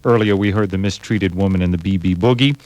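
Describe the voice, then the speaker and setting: A man hosting a radio program, giving measured, thoughtful commentary on old recordings with frequent pauses and hesitations. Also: low voice, a little mellow, dry recording. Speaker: radio host. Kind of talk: radio jazz history commentary.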